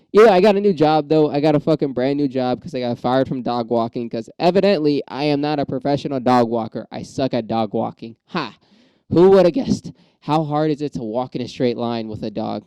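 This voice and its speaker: A man's voice: mid-range voice, smooth, dry recording, highs cut off. A man, an aspiring stand-up comic, in a casual, profane, rambling monologue that flares up and then settles. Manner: profane, rambling ranting with restarts; gets riled up then calms.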